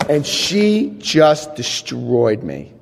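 Man, animated self-mocking storyteller; lively swings in pitch, long hall reverb. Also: drawn-out words, vocal fry, background noise. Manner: animated and self-mocking, jumps into high yelps for his own past self. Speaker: speaker sharing a recovery story. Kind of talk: storytelling to an audience.

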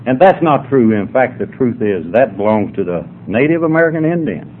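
Older male storyteller, folksy drawl, mid-pitched; lo-fi, phone-like capture. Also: expressive, moderate pace. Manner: folksy, drawling yarn-spinner. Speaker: speaker at a sobriety meeting. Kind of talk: humorous storytelling to an audience. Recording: tinny phone-like recording, faint noise.

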